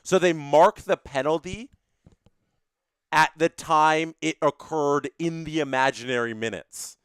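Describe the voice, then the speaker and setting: Male stream host, slightly higher voice, smooth and clear; opinionated, repetitive chat-reading rants. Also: unhurried, fairly bright tone, no room sound, clean studio sound. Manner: opinionated ranting, repeats phrases. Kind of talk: live-stream commentary reading viewer chats.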